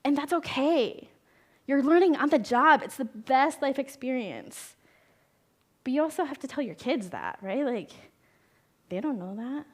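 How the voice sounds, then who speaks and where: A woman's voice: sits high, lively intonation, measured pace. A young woman, a therapist, giving a conversational talk to parents. She asks the audience questions and acts out the voices she quotes. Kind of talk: talk at a conference.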